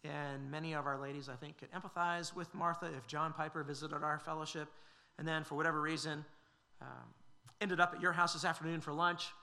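A man's voice: a little high, fairly even intonation, brisk, creaky, pushed and bright. A man preaching a sermon, earnest and questioning, with frequent fillers and restarts.

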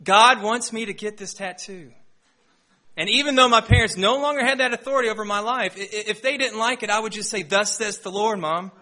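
A young man preaching a sermon, opening with a self-deprecating personal story told in an animated way. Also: sits high, brisk. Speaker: pastor.

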